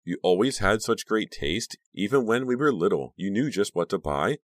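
A man's voice: lowish voice, lively intonation, normal speed, no echo, clean studio sound, pitched above the performer's own voice. A man putting on a gushing, chirpy teenage girl. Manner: gushing, chirpy, talks over others. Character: bubbly pushy teenage girl.

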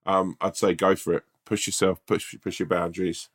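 A laid-back man with a very low voice, co-hosting a chatty advice podcast. He rambles gently and restarts his sentences often as he gives advice. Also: level tone, normal speed, a little hiss or hum. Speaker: podcast co-host. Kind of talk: casual advice podcast chat.

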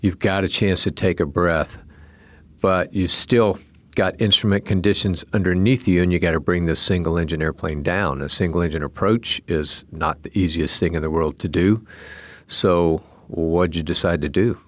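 Deep-voiced man hosting a podcast. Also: steady tone, fairly bright tone, no room sound. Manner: measured, explains points for listeners. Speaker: podcast host. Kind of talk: interview hosting.

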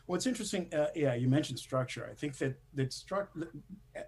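A man with a slightly high, slightly rough voice talks briskly and animatedly as an animation screenwriter guest in an interview. It's casual and rambling, with lots of fillers, restarts, and laughter.

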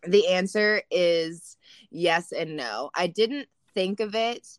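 This young podcast host has a lowish voice and talks slowly, spinning lively stories full of swearing in casual chat. The sound is clean studio audio without echo.

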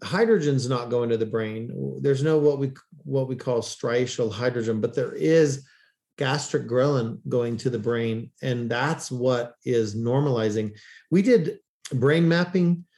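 A man's voice: mid-range voice, unhurried, darkish tone. A man speaking as an interview guest in a mid-range voice. He tells stories with energy and briefly acts out the people he quotes. His tone stays casual and conversational. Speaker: guest expert.

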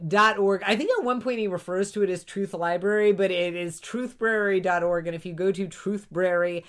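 A woman's voice: lowish voice, brisk. A woman co-hosting a casual podcast chat, talking with many fillers and restarts and laughing often. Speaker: podcast co-host. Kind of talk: casual chat reviewing a comedy series.

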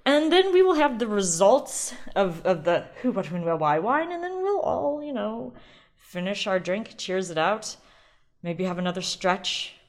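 A woman's voice: medium pitch, very animated, unhurried. A woman hosting a casual solo podcast, chatty and rambling, often restarting and laughing. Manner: chatty, rambling, self-interrupting with frequent ums and laughs. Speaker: podcast host.

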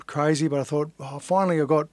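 A man with a fairly high voice tells his story in an earnest, blunt and candid way, swearing now and then. His voice sounds close and dry, with no room sound. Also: steady tone, fast, darkish tone, no echo. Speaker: guest, fighter. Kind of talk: casual storytelling interview.

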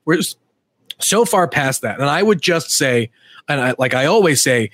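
A man's voice: on the high side, lively intonation, moderate pace, a bit bright, dry recording. A man co-hosting a casual chat, rambling with many fillers and restarts. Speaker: co-host.

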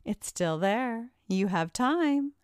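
Woman doing a mocking young woman, high and lively, gushing tone, teasing former bully. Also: takes it slowly, clear, resonant tone, dry recording, clean studio sound.

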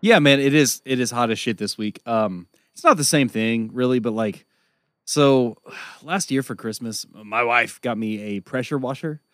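A man co-hosting a comedy podcast, rambling through a profane story with plenty of fillers. His voice sits at an ordinary middle pitch. He is recorded close on a mic in a dry room. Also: normal speed, fairly bright tone, no room sound. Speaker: podcast co-host. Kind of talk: casual comedy podcast chat.

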